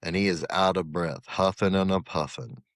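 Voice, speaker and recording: A man's voice: low voice, moderate pace, no room sound, clean studio sound. A middle-aged man, a podcast guest and former corrections officer, telling a story in conversation and acting out the dialogue. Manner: animated, acts out quoted dialogue.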